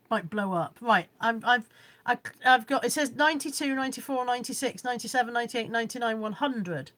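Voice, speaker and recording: A woman's voice: on the high side, a little fast, hardly any pauses, fairly bright tone. A woman vlogging live from home, reading out viewer comments in a rambling, chatty way and joking about how little she knows about technology.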